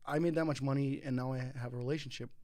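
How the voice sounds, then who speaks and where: A man's voice: medium pitch, fairly even intonation, quick pace, a little mellow, no room sound. A man talking as a guest on a podcast, rambling in casual chat with frequent laughs and restarts.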